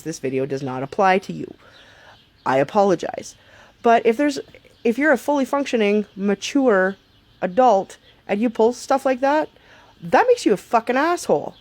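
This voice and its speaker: A woman's voice: fairly low pitch, a little fast, darkish tone, dry recording. A woman vlogger giving a blunt, sarcastic, profane advice rant to the camera. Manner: blunt, sarcastic, swears a lot.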